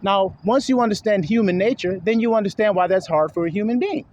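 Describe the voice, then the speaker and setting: A man preaching in a casual, slangy street style, switching between loud and hushed delivery and acting out the voices of his listeners. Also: high voice, brisk, muffled recording, a little hiss or hum. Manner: casual slangy talk with swearing.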